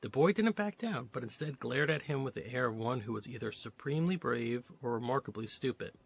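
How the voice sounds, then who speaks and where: Gravelly man reading a novel aloud. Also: medium pitch, lively intonation, brisk. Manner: breaks off to joke and comment on the story. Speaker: reader of a novelization.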